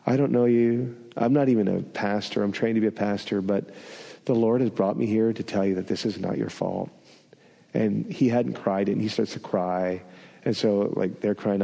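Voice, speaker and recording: A man's voice: fairly low pitch, gravelly, dark tone, in a large hall. A man preaching a sermon, telling a personal story with self-deprecating humor.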